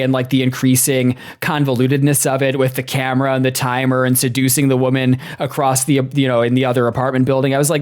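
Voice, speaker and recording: Young male podcast co-host, mid-pitched, candid and rambling. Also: flat delivery. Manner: candid, rambling, quick to laugh. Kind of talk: casual film discussion.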